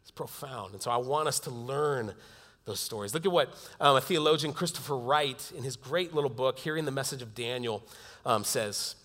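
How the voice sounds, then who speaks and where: A man preaching a sermon in an earnest tone that moves from loud to hushed. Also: mid-range voice, normal speed. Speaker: pastor. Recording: long hall reverb.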